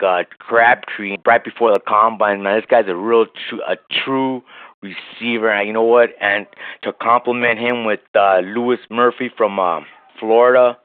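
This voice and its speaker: An excited fan from Bakersfield rambles on, heaping praise over a narrow, tinny phone line. His voice sits at a middle pitch and sounds dry. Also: dry recording. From Bakersfield, California. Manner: excited, rambling, says "man" constantly. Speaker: caller.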